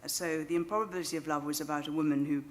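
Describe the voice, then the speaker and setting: A novelist, a middle-aged woman with a British accent, delivers a self-deprecating anecdote live at a microphone on a small club stage. Her deep voice is rapid-fire, with fairly even intonation.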